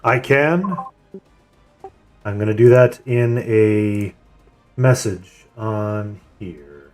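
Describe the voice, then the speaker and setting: A man on voice chat leading a game raid, calmly explaining a plan and handing out tasks. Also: on the low side, extremely slow, soft background music. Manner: calm, methodical, assigns tasks. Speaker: raid leader and streamer. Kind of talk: voice chat while gaming.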